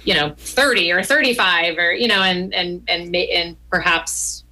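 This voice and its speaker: A woman's voice: on the low side, normal speed, sharp tone, rough recording. A woman co-hosting a money podcast in casual chat, chatty with many fillers. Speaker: podcast co-host.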